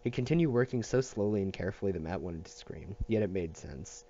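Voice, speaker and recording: A male reader narrating a novel in a low, dark, mellow voice. He reads steadily, tripping and restarting here and there. The recording sounds dull and muffled. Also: brisk. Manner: steady reading with small slips and restarts. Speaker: audiobook reader. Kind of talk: reading a novel aloud.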